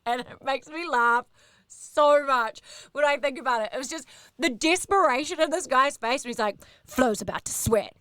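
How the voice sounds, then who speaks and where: A woman in her thirties with a New Zealand accent, a radio host telling animated, sweary backstage stories in casual chat. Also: sits high, moderate pace, no room sound, studio quality. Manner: animated, swears, acts out others in quoted voices. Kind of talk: casual storytelling.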